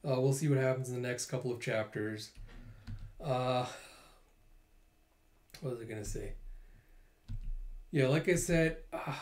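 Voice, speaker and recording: A man giving a casual, hesitant recap of a comic chapter, with many pauses and fillers. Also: mid-range voice, darkish tone. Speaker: host.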